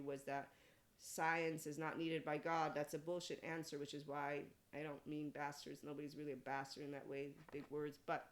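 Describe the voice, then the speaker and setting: A woman in her forties, a podcast host, giving a rambling spiritual monologue in an animated way, laughing often and dropping profane asides. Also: low voice. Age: 40s.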